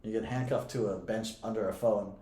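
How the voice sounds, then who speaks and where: A man's voice: lowish voice, fairly even intonation, fairly quick, mellow. A young man and podcast co-host casually telling a story, profane and often laughing. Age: young adult. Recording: echoey room.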